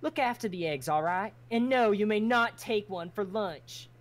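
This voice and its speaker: A woman voicing a brash, house-proud bird-woman farmer with a folksy Southern drawl who scolds quickly. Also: mid-range voice, expressive, pitched above the performer's own voice, natural voice. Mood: bossy. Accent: American Southern.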